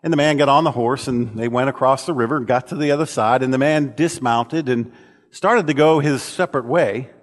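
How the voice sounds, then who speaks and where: Guy preaching a sermon, earnest storyteller, trips and restarts a lot, mid-pitched voice, long church echo behind him. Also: fairly quick. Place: church auditorium. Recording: long reverb of a church hall.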